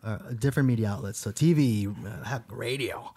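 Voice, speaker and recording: A man's voice: fairly low pitch, brisk, dark tone, slightly rough. A man co-hosting a casual horror podcast, rambling with lots of fillers. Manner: rambling, full of "you know" and "uh" fillers. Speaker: podcast co-host.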